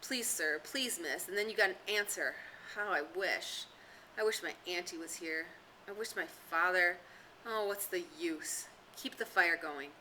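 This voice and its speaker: Woman doing a shy thoughtful boy; soft, wistful, bright tone. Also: on the low side, a little slow, a little hiss or hum, poor audio. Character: quiet, gentle, thoughtful young schoolboy.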